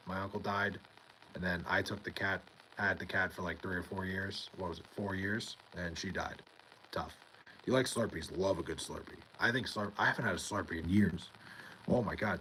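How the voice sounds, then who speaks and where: A young man with a deep, low voice hosts a casual livestream from home. He rambles, swears freely and answers his chat by name. A faint hiss of noise sits under the recording. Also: a bit bright, low-quality recording. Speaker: livestream host reading chat. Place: home in New York.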